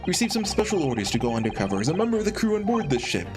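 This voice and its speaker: A man's voice: a little high, very animated, very fast, pitched above the performer's own voice. A man voicing an earnest male police inspector who speaks formally and is keen to help. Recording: game music behind.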